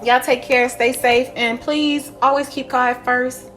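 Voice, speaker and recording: A woman's voice: high-pitched, flat delivery, unhurried, a bit bright, soft background music. A young woman, talking bluntly and profanely in a candid vlog monologue, laughing often. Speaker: spiritual vlogger.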